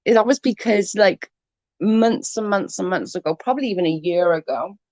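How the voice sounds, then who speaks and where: A woman's voice: medium pitch, expressive, moderate pace, a little mellow, dry recording. A woman chatting casually on a livestream, rambling and swearing freely while answering comments. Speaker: livestream host.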